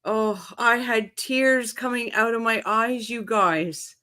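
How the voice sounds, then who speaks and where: A woman's voice: fairly high pitch, slow pace, pushed and bright. Giggling woman hosting a livestream. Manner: laughing helplessly, greeting viewers. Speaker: livestream host. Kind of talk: casual livestream chat.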